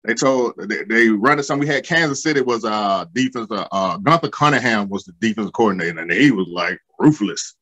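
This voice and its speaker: A man, telling rowdy football stories in slangy, swearing, animated chat. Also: fairly low pitch, brisk, few pauses. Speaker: guest, former football linebacker. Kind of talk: casual storytelling.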